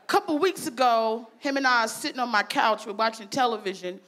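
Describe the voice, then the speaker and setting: A woman performing a stand-up comedy routine, brash and profane, shouting her punchlines. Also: fairly high pitch, fairly quick. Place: festival comedy stage.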